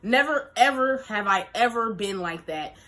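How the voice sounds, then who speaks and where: A young woman vlogger telling a story in a lively, animated way, acting out quotes and laughing often. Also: mid-range voice, normal speed, a little hiss or hum. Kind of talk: storytime vlog.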